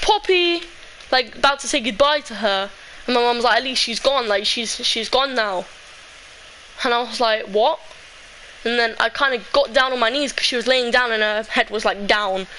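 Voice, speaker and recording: A woman's voice: on the high side, a bit bright, slight background noise, low-quality recording. A teenage girl telling a sad personal story in a rambling way, full of fillers. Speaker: streamer. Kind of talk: emotional storytelling vlog.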